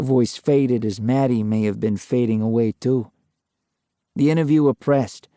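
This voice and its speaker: An older man narrating a true ghost story in a slow, measured way. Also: medium pitch, fairly even intonation, warm tone, no room sound, clean studio sound.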